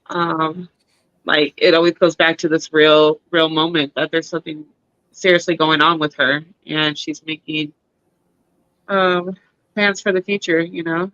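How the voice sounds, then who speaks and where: Bright animated woman retelling a story. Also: sits low, measured pace, no room sound. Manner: animated retelling with acted-out quotes; laughs often, casual swearing. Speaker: book club podcast co-host. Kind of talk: casual recap chat. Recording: dull lo-fi dry recording.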